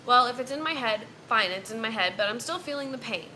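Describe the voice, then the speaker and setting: A woman's voice: a little high, expressive, fast, bright, forceful tone, slight background noise. A young woman in a casual vlog, venting bluntly and cursing freely. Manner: blunt, heavy cursing, exasperated. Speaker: vlogger.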